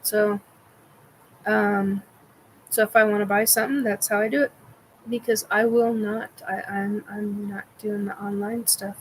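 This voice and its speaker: A woman's voice: mid-range voice, little pitch movement, measured pace, a little hiss or hum, rough recording. A middle-aged woman hosting a casual live-stream chat, rambling with many fillers and restarts while she answers viewers.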